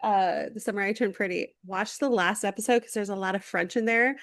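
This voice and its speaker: A woman co-hosting a podcast in casual chat, playful and quick to laugh. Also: mid-range voice, no echo, clean studio sound. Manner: laughing, playful, slips into mock accents. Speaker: podcast co-host.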